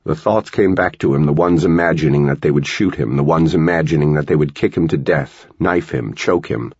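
A man reading a novel aloud as an audiobook narrator, with steady, measured storytelling. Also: extremely low pitch, breathy edge, no echo, lo-fi sound. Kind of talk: scripted narration.

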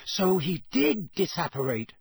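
A man's voice: high-pitched, very animated, vocal fry, a little mellow, breathy edge, no room sound, studio quality, voice pushed up, exaggerated voice. A man voicing a keen teenage sidekick. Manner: quick and keen. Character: eager hopeful teenage boy sidekick. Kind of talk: audiobook character voice.

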